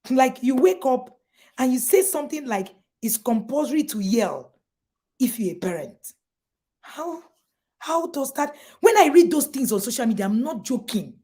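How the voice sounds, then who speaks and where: Animated Nigerian woman coaching parents. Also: sits high, normal speed. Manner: animated, emphatic, mock-shouting to make points. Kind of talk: motivational talk to parents.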